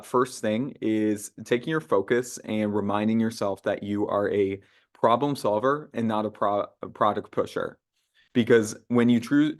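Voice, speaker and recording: Chatty young man coaching sales calls. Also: on the low side. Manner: conversational, many "uh" fillers and restarts, acts out sample phone lines. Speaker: sales trainer. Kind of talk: casual team training talk.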